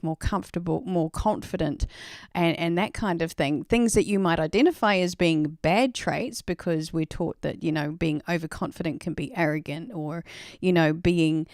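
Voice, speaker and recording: A woman's voice: on the low side, moderate pace, a little mellow, dry recording, clean studio sound. An Australian woman hosting a live stream, telling a story in a rambling, chatty way full of "like" and "you know.".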